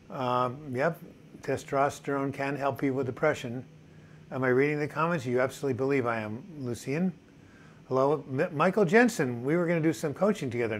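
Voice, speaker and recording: A man hosts a relaxed live chat from home, reading out viewers' names and comments with plenty of uhs and ums. His voice sits at an ordinary middle pitch. A faint hum of outdoor noise stays in the background. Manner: chatty, reads viewer names and comments aloud, frequent uh and um. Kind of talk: casual live-stream chat. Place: home in Portland, Oregon. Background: faint music and outside noise.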